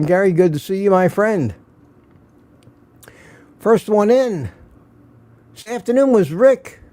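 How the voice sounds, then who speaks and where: An older male host with a slightly higher voice than most men, roughened by a gravelly edge. His tone is dark and mellow as he greets his regulars one by one in an easygoing, folksy livestream chat. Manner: reads viewer names and comments aloud, folksy.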